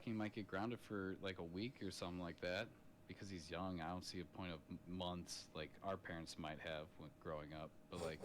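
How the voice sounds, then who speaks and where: A man's voice: deep voice, slight background noise. A man in his thirties, a father, chatting on a podcast in a blunt, profane storytelling manner. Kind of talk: casual podcast chat. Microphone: podcast microphone.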